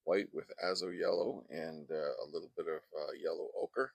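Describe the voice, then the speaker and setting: A deep, heavily gravelly man talks through a painting demonstration outdoors. His voice is close and dry on the mic, and his relaxed chat keeps drifting into friendly asides. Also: normal speed, no room sound. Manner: chatty, wandering off into asides. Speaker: painting instructor. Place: outdoors in a backyard. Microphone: close microphone.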